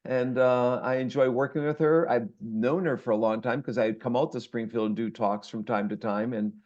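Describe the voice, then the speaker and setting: A man's voice: medium pitch, fairly even intonation, moderate pace, darkish tone. Rambling male course instructor, lo-fi audio. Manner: rambling, many fillers and restarts. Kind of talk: casual online class talk.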